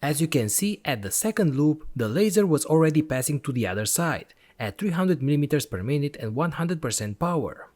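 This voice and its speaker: A man's voice: fairly high pitch, very animated, fairly quick, few pauses, a little mellow. A man hosting an electronics channel, narrating a product review voice-over in an enthusiastic, step-by-step explanatory way.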